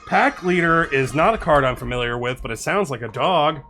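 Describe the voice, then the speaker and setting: A man's voice: a little high, expressive, bright, forceful tone, soft background music. A man streaming live, cheerfully reading out and chatting about viewer suggestions and thanking followers, talking into a desk microphone. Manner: enthusiastic, thanks followers, reads card text quickly. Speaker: streamer reviewing card suggestions. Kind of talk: casual live-stream chat.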